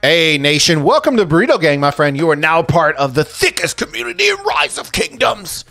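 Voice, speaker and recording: A man casting a strategy game tournament on a live stream, excitable and chatty, swearing freely as he reads viewer messages. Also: fairly high pitch, fairly quick, no echo, soft background music. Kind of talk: casual live-stream commentary and chat reading.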